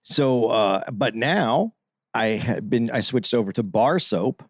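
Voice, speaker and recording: A man co-hosting a podcast, telling stories in a halting, rambling way. His voice sits in a middle pitch. The sound is dry and close. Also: animated, husky, dry recording. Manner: rambling, halting, with many fillers and restarts. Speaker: podcast co-host. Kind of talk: casual chat.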